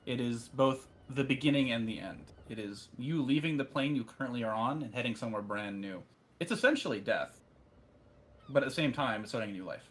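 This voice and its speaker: A man's voice: mid-range voice, lively intonation, brisk. A man narrating as game master in a casual, hesitant way, with many fillers.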